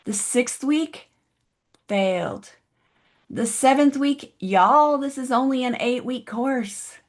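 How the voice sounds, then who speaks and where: A woman with a high voice speaks slowly as she delivers a motivational keynote at an online event. She tells a story and puts direct questions to the audience, who respond in the chat.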